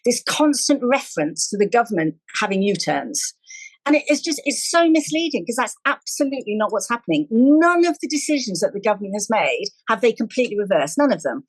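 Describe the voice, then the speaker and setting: Animated woman, dry close sound. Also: fairly high pitch, fairly quick, no echo, rough recording. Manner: animated, opinionated, ranting at times. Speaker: podcast co-host. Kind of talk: casual chat.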